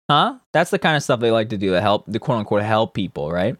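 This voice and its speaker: A man's voice: fairly low pitch, sing-song, fast, few pauses, a bit bright, no room sound, studio quality. A man hosting casual political commentary from Canada, reading news quotes aloud and mocking them with profane, sarcastic outbursts.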